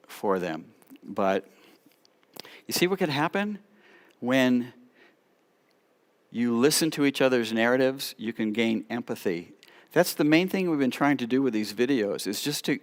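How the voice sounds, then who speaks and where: A middle-aged man telling stories in a sermon, lively, with sudden quiet asides. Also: mid-range voice. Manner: animated storyteller, drops to quiet asides. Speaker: rabbi preaching at church. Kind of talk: sermon storytelling.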